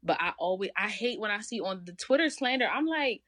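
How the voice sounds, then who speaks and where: A young woman with a Baltimore accent talks in a lively, blunt way in a casual podcast chat, cursing freely. Her voice sits in the middle range for a woman. The recording is dry and close. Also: medium pitch, brisk, no room sound. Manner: animated, blunt and profane. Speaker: podcast co-host.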